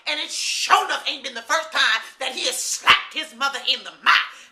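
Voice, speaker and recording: A woman vlogging her opinion in a fiery, preachy way, sometimes bursting into loud mocking voices. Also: sits high, expressive, moderate pace, faint music behind. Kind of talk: animated opinion monologue. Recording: echoey room.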